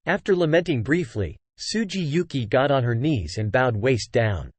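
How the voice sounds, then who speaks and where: A man narrating a web novel in a plain, steady reading. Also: medium pitch, normal speed, few pauses, husky, no echo. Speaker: audiobook narrator.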